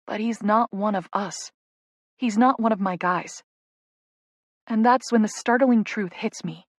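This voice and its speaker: A woman's voice: mid-range voice, unhurried, dry recording, studio quality. A woman narrating a first-person audiobook in an intimate, emotional inner-monologue manner.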